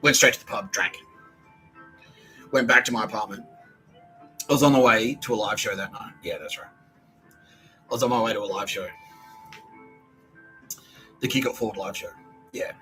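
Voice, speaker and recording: Profane Australian man rambling, bright voice. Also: lowish voice, normal speed, pauses often, faint music behind, low-quality recording. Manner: profane, laughing, agitated storytelling. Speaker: podcast host. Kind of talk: rambling monologue.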